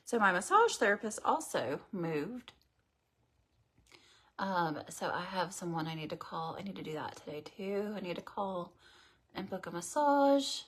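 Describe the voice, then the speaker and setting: A woman's voice: lowish voice, very animated, measured pace, a bit bright, breathy edge. A woman hosting a casual makeup tutorial livestream, chatting and rambling to her viewers as she works. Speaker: beauty livestream host.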